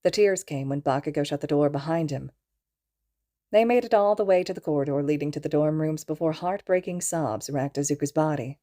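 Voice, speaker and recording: A woman reading a fan fiction audiobook aloud in a calm, even storytelling manner. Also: deep voice, brisk. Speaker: podfic reader.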